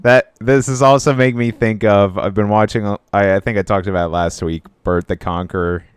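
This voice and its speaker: A young man with a low, smooth voice co-hosts a casual podcast, rambling easily and leaning on fillers. The sound is close and dry with no room around it. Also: fairly even intonation, fairly quick, dry recording. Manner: rambling, filler-heavy, easygoing. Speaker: podcast co-host.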